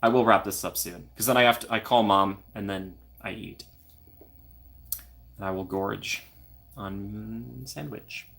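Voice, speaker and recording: A man's voice: lowish voice, fairly even intonation, unhurried, gravelly, long pauses, fairly bright tone. A young man from Minnesota hosting a casual live stream, chatting and answering viewer comments by name. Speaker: livestream host.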